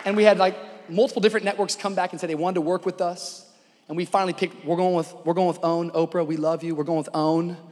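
High-voiced preacher in a reverberant hall. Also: male voice, level tone, quick pace, a faint crowd. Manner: builds from conversational storytelling to loud exhortation. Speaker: pastor. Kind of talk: sermon.

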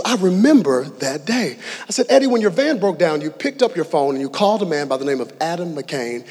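A pastor in his thirties preaches with lively, humorous storytelling, his fairly high voice climbing into shouts. The sound carries a long reverb from a large church hall. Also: husky. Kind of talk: sermon.

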